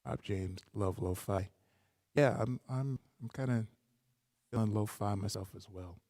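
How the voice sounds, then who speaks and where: Man, gravelly low voice, loose conversational teaching on a live stream, long reverb tail. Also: measured pace, mellow, clean studio sound. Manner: loose, conversational, many "like" fillers. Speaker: rapper hosting a live stream.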